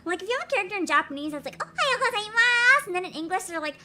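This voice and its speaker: A woman's voice: very high voice, rapid-fire, bright, forceful tone, a little hiss or hum. A young woman streamer chatting casually and rambling with giggles, playful with her voice. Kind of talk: casual chat over a game stream.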